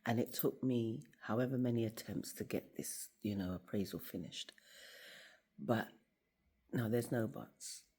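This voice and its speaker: Unhurried and slightly rough, her voice is a rumbling low. The woman, a school staff member and faith vlogger, tells a story from her office in a casual motivational talk to camera, performing the voices of the people involved with animated flair.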